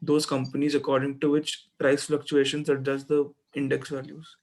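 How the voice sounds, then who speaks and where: A young man speaks up in a classroom, answering his teacher with care and some uncertainty. His voice sits a little high and stays quite level. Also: monotone, normal speed, a little mellow. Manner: careful, slightly unsure answers with restarts. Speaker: student.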